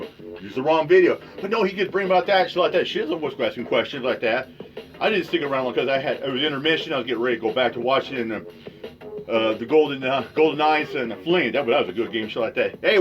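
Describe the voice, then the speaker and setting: A man hosting his own podcast, ranting casually in a rambling, profane way that swings between mutters and loud outbursts. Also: a little high. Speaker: podcast host. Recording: dull lo-fi sound with faint music.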